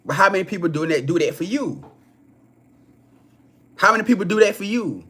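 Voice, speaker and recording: This spiritual card reader, a man, does a casual live-stream reading in a high-pitched, expressive voice that's fairly quick, a bit bright, with a breathy edge. He addresses viewers directly in a chatty, repetitive, profane way and laughs a lot.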